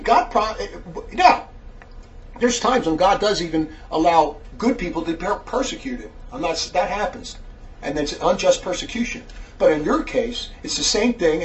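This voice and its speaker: A man's voice: sits high, distant mic. A man giving an angry, preachy monologue aimed at a viewer, scolding him and repeating taunts. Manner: berating, preachy, repeats taunts like "buddy boy". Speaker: religious commentator.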